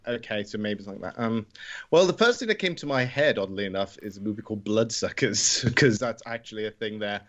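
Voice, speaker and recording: A man playing as a guest contestant on a podcast quiz, thinking out loud and hedging his guesses. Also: fairly low pitch, lively intonation, fast, highs cut off. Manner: thinks aloud, hesitant. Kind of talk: casual chat. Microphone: video call.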